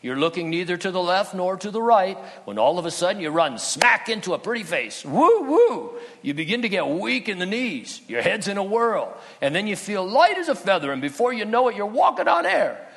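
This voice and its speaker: A man voicing an excitable old male owl who animatedly explains spring love during a sermon. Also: sits high, normal speed, few pauses, pitched above the performer's own voice, heavily acted. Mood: explaining. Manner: animated, swooping storyteller. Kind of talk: sermon illustration.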